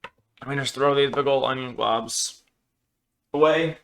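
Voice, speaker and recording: A man with a gravelly, crackly edge and a bright, forward tone talks loosely in a home kitchen. He rambles and pokes fun at himself as he chats. Faint noise hangs in the background. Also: medium pitch, unhurried. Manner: rambling, self-deprecating, joking. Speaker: cooking vlogger. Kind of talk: casual cooking vlog.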